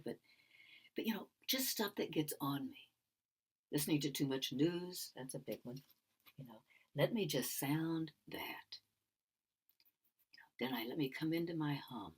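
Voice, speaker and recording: A low-pitched, husky voice belongs to an older woman giving a contemplative conference talk on sound healing. Her delivery is repetitive, dipping into whispers now and again.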